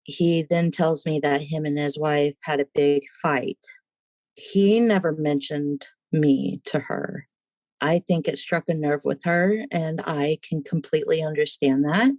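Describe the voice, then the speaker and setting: A woman with a lowish voice recounts her own story on a podcast in a casual, animated way. She slips into the voices of the people she describes. The sound is close and dry, with no room around it. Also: a little slow, dry recording. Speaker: podcast guest. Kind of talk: personal storytelling in a casual interview.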